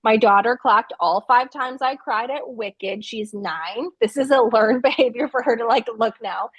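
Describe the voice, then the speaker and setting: A woman's voice: a little high, normal speed, breathy edge, no echo. A woman in her thirties, a guest author in a casual interview over a video call, telling self-deprecating stories with frequent laughter. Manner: giggly, self-deprecating, animated storytelling.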